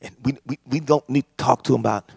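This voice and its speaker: A man preaching a sermon, impassioned and building to shouts. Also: medium pitch, fast, vocal fry, slightly rough, no echo, clean studio sound. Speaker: pastor.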